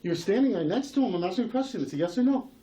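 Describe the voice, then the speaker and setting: A man's voice: high-pitched, expressive, rapid-fire, a crowd in the background, rough recording. A man in a heated face-to-face argument, insistent and profane, repeating himself and talking over others. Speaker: channel owner confronting a sheriff.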